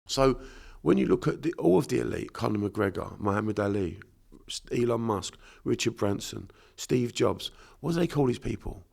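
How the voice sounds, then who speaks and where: A man's voice: mid-range voice, expressive, moderate pace, creaky, hardly any pauses, darkish tone, slightly rough. A man from South London with a South London accent, a guest on a casual podcast interview, talking in a blunt, sweary, emphatic way. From Bermondsey, London. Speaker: podcast guest, unconscious mind therapist.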